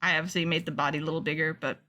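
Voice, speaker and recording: A woman's voice: sits low, flat delivery, racing, bright, forceful tone. A woman chatting casually and rambling a little while she paints a small figure on a livestream. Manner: chatty, rambling, laughs easily. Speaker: art streamer.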